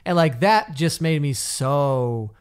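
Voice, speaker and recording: A man's voice: a little high, lively intonation, slow pace, clear, resonant tone. A man in his thirties, a podcast guest, chatting casually in a rambling way with many restarts. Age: 30s.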